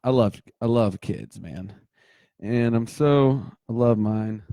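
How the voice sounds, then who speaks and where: A man in his thirties chats loosely on a livestream, rambling from story to story and tossing in jokes as he greets viewers. His voice sits in a middle pitch with a mellow, darker tone. The sound is dry and close, with no room echo. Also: takes it slowly. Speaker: livestream host. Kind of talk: casual livestream chat.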